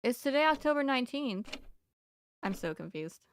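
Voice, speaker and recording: A young woman streams a horror game with casual let's-play commentary, giggling often, getting flustered, and talking to the game. Her high-pitched voice is very animated at a moderate pace, with slight background noise.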